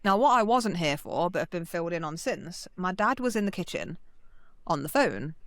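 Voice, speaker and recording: Brief: woman, podcast co-host, lively storytelling, close dry mic. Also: lowish voice, moderate pace, no room sound. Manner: animated, swears freely, acts out quoted voices. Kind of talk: casual storytelling chat.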